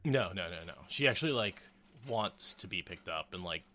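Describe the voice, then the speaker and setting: A man hosting a podcast in casual chat from a home setup, animated and cursing casually. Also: deep voice, normal speed. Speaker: podcast host. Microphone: home recording.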